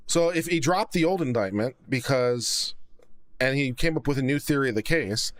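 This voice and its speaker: A man hosting a casual live stream of legal commentary, talking in a dry, even tone with deadpan jokes, into a studio condenser mic. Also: a little high, moderate pace.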